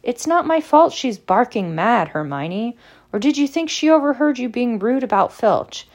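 A woman reading aloud and voicing a stubborn, defensive teenage schoolboy wizard who argues insistently, pitched above her narrating voice. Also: animated, darkish tone. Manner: insistent, quick.

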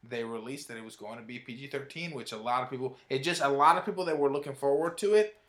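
A man co-hosting a casual movie review chat, speaking in a relaxed way with lots of fillers and restarts. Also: medium pitch, fast, roomy sound. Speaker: movie review show co-host.

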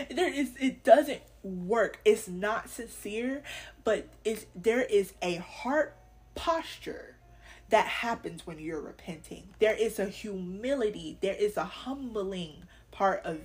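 A woman's voice: mid-range voice, animated, slow, a little mellow. A young woman hosting a faith podcast, talking candidly and earnestly in casual slang, sometimes laughing. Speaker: podcast host.

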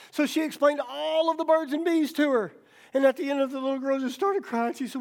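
A man's voice: very high voice, brisk, vocal fry. A middle-aged male pastor giving a folksy, joking sermon, checking in with "okay?" and "right?" and acting out the voices in his stories. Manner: acts out quoted voices in stories.

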